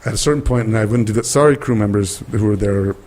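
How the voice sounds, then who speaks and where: An older man, a guest actor, telling lively anecdotes in an interview and acting out the people in them. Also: lowish voice, quick pace. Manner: animated storyteller acting out quoted voices. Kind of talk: interview storytelling.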